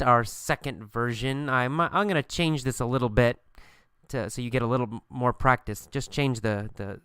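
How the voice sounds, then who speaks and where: Patient male English teacher, bright crisp voice. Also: medium pitch, dry recording. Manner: slow, patient, repeats and rephrases for learners. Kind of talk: recorded English lesson, storytelling.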